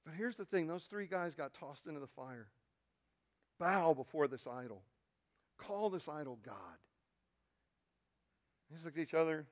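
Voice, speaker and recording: A male pastor preaching a sermon, telling a story and swinging from quiet, intimate asides to loud, shouted peaks. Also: fairly high pitch, normal speed, pauses often.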